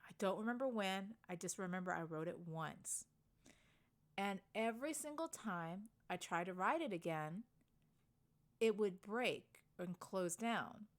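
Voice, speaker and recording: A woman co-hosting a casual podcast chat, telling animated stories, swearing when annoyed and laughing often. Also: medium pitch. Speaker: podcast co-host.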